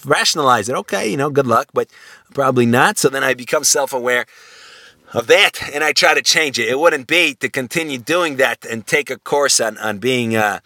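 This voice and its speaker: Bright-voiced stammering male lecturer. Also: medium pitch, normal speed, no room sound, studio quality. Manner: stammering restarts, thinking aloud with rhetorical questions; wry humor with everyday examples. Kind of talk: university lecture.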